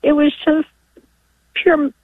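High-voiced woman on a tinny phone line. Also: monotone, no echo. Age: 40s. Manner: emotional, tearful, halting. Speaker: caller.

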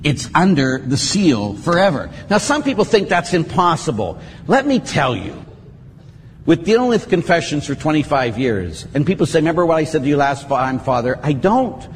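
A middle-aged male priest with a fairly high, very animated voice that swings up and down as he explains confession and acts out what penitents say. He sounds casual and direct. The sound rings with long hall reverb over faint background ambience. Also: normal speed, slight background noise. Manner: lively, conversational, acts out penitents' lines. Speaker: Catholic priest. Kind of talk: teaching talk on confession.

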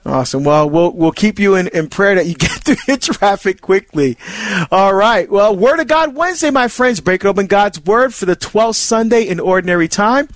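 A man hosting a call-in radio program with a high-pitched voice. He speaks in an encouraging, friendly way to his callers, in a dry studio sound. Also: moderate pace, no echo. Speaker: radio show host.

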